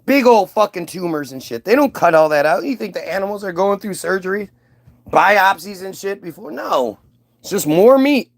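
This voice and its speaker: A man with a notably high-pitched voice talks through a loose, casual monologue. He rambles, swears freely and takes a mocking tone, circling back with asides and restarts. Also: expressive, moderate pace. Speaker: commentator.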